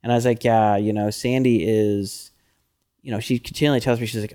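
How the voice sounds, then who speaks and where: A middle-aged man co-hosting a podcast, chatting casually with lots of fillers and animated when he quotes himself. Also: fairly low pitch, brisk, clean tone. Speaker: podcast co-host. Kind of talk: casual chat.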